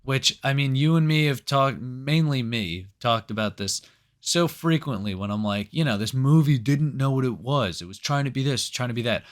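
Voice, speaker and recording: An animated man retelling film scenes. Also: medium pitch, normal speed. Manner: animated storyteller, acts out quotes with voices. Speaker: podcast co-host, movie reviewer. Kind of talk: casual chat.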